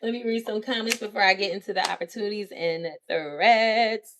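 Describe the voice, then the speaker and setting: A woman's voice: mid-range voice, normal speed, background noise. A young adult woman hosting a live stream, talking in a chatty, encouraging way, laughing often and acting out what people say. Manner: chatty, animated, laughs often, acts out quotes; empathetic and encouraging. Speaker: livestream host leading a leadership meeting. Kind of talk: casual livestream talk.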